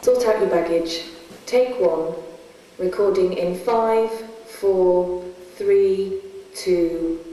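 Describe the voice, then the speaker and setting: An actress in a stage play playing a studio floor manager, calling out a measured countdown. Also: female voice, on the low side, dark tone. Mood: brisk. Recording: long reverb in a theatre from far off.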